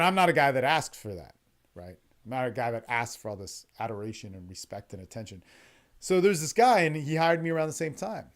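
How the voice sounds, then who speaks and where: Blunt, profane man telling stories. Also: mid-range voice. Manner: blunt, profane, animated, quick-talking storyteller with many restarts. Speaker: dating and men's development coach. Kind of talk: casual storytelling monologue. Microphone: online call recording.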